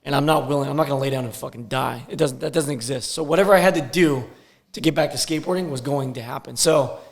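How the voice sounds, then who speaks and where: A man's voice: medium pitch, quick pace, gravelly. A man telling stories as a podcast guest, blunt and profane in casual talk. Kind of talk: casual interview.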